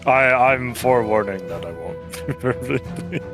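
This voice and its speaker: A man's voice: medium pitch, normal speed. A man playing a tabletop game, teasing and joking with the others between laughs. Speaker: player. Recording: background music. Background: music.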